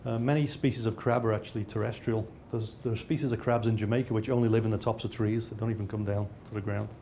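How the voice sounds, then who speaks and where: A man's voice: fairly low pitch, steady tone, fast talker, mellow, a little hiss or hum. A male researcher giving a slide lecture, with frequent restarts and dry, self-mocking asides.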